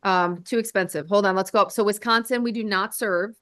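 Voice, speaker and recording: A woman's voice: medium pitch, fairly even intonation, brisk, a bit bright, no room sound. Chatty self-deprecating woman, dry close sound. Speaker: host of a telehealth livestream. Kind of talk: casual livestream chat.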